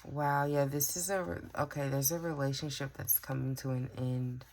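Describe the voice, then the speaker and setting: Very deep gravelly woman reading tarot. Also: fairly even intonation, normal speed, a little mellow, slight background noise. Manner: chatty, musing aloud with fillers and sighs. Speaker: tarot reader. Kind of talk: casual intuitive tarot reading.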